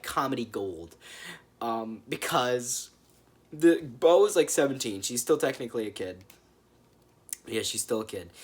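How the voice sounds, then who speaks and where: A man reviews a film in a loose, rambling rant. He sounds frustrated and sarcastic, scattering filler words and curses as he picks the plot apart. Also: medium pitch. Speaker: movie reviewer.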